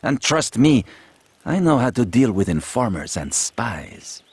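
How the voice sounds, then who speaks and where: An actor playing a proud, flattering gunsmith with a French accent, in a video game. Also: male voice, mid-range voice, unhurried, husky, full character voice. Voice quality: fawning, theatrical salesman manner.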